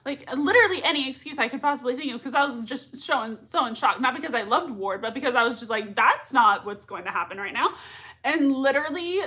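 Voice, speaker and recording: Excitable young woman, bright high voice. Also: fast. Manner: excitable, gushing, repeats herself. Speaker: livestream reaction host. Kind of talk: live reaction stream, reading chat.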